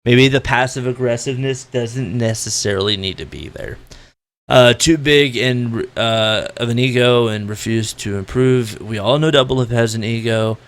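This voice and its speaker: A man ranting as a gaming commentator, with a gritty voice and a loud, blunt, profane way of talking. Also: mid-range voice, moderate pace.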